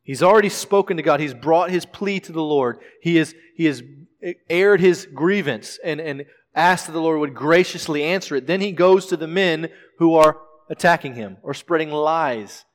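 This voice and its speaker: A male pastor preaching a sermon in a measured way, often repeating words as he explains scripture. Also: fairly high pitch. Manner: measured preaching with frequent word repetitions. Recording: long reverb of a large hall.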